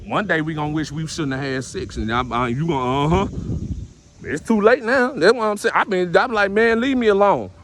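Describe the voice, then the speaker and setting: A man's voice: on the high side, animated, a little fast, background noise. A man vlogging a casual rant to his viewers, repetitive and full of street slang.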